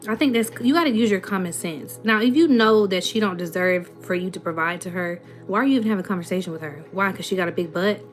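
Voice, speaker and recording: A woman's voice: medium pitch, quick pace, hardly any pauses, soft background music. Sassy Southern woman in her twenties. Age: 20s. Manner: blunt, sassy, rhetorical questions. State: runny nose. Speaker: host reading and answering comments. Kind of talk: casual livestream chat.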